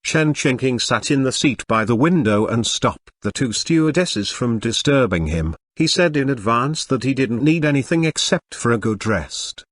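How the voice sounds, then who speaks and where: A text-to-speech male voice narrating a web novel audiobook in an even, synthetic reading. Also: mid-range voice, normal speed, few pauses, no room sound, studio quality.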